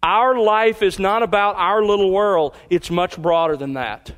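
A man with a high voice delivers a sermon like a teacher. He explains patiently and stretches out the words he wants to stress. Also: a bit bright. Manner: emphatic, teacherly, slows down on key phrases. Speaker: pastor.

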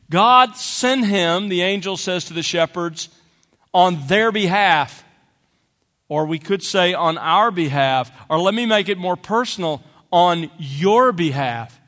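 A man preaching a sermon in a church, slow and emphatic, leaning hard on key words. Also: sits high, expressive, a bit bright. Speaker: pastor. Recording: long reverb of a church hall.

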